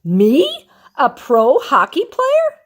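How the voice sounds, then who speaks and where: A grandmother voicing an excitable young sea sponge in a storybook, squeaky and bursting with excitement. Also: very slow, heavily acted. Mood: excited.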